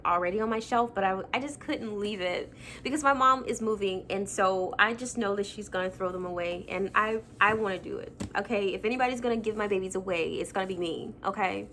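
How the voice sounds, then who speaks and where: A woman's voice: medium pitch, fairly quick, a bit bright, a little hiss or hum. A young woman vlogging casually about her childhood books, chatty and self-mocking with lots of fillers. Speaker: book vlogger. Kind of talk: casual chat.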